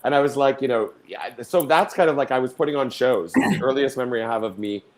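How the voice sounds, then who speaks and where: Speaking quickly at a medium pitch, this middle-aged man from Canada shares stories in an interview as a guest performer. He delivers them with theatrical flair, voicing characters and breaking into sung lines.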